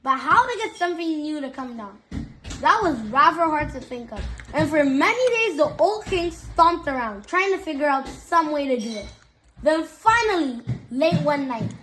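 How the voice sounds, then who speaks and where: A woman's voice: sits high, fairly bright tone, a little hiss or hum, low-quality recording. A woman casually reading a children's picture book aloud, stumbling over words now and then. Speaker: reader.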